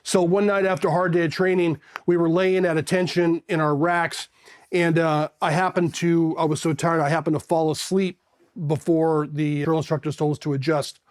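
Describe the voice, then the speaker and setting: High-voiced man telling stories animatedly. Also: normal speed. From South Pasadena, California. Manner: animated, acts out voices in his anecdotes and laughs often. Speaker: Marine Corps veteran. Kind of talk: casual storytelling.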